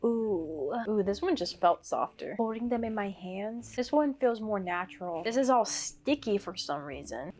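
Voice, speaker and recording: A woman's voice: medium pitch, lively intonation, normal speed, few pauses, darkish tone, slight background noise. A young woman in her twenties, a vlogger, chatting casually and sarcastically as she reads quiz questions aloud and mocks them. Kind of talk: casual vlog commentary.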